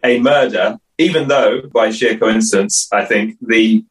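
A man's voice: on the low side, unhurried, far from the mic, low-quality recording. A man co-hosting a comedy podcast, explaining a story at length. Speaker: podcast co-host.

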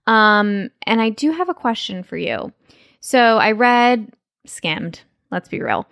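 A woman from Texas co-hosting a podcast in a relaxed chat, talking quickly with many fillers and restarts. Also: mid-range voice, creaky, no echo, studio quality. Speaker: podcast co-host. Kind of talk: casual chat.

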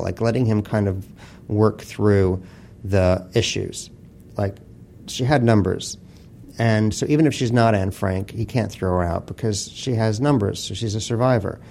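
Author guest, male, gravelly and mellow, blunt profane storyteller with a faint hum behind. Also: fairly low pitch. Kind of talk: casual interview talk.

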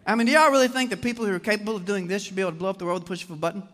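Animated male preacher in a reverberant church. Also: high voice, very fast, heavy background noise. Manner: animated, asks the congregation questions. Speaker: pastor. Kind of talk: sermon. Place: church hall with congregation. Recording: long hall reverb.

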